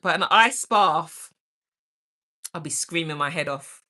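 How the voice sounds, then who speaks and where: A woman's voice: low-pitched, a little slow, bright, forceful tone. A woman hosting a casual livestream, chatting to viewers and reading their comments in a bubbly, chatty way. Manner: drops into a whisper for asides. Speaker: livestream host.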